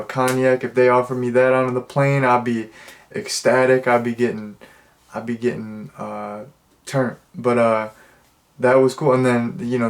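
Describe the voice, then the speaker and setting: Laid-back rambling young man. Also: mid-range voice. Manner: rambling and laid-back, with many "like" fillers and restarts. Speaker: movie reviewer. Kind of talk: casual spoken film review. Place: dimly lit room indoors.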